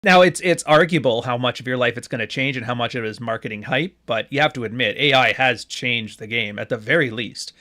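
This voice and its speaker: A man's voice: mid-range voice, fairly quick, hardly any pauses, bright, forceful tone. A man in his late thirties from Canada, hosting a podcast in loose, joking chat with his live audience, swearing freely. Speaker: podcast host. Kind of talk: casual live-stream talk to a chat.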